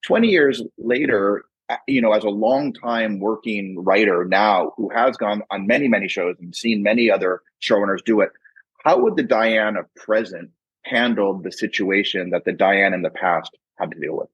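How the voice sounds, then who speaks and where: Brief: male interview host, low and husky, rambling but thoughtful questions, dry muffled recording. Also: moderate pace, a bit bright, dry recording. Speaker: podcast host.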